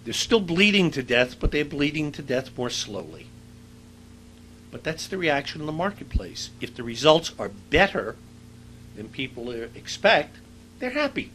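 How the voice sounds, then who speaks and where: A middle-aged man lectures to a class in a loose, storytelling way, often pausing on "uh" and "you know". His voice is bright and forward. A faint steady hum sits under the recording. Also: a little high, poor audio. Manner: conversational, anecdotal, with frequent fillers. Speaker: university lecturer.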